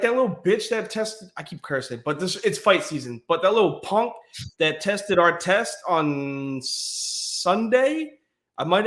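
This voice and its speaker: This is a man co-hosting a casual sports podcast. His voice sits a little high, and he tells stories with plenty of energy, acting out the people he quotes and laughing along the way. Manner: animated storytelling, acts out quotes in a high voice, laughs often. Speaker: podcast co-host.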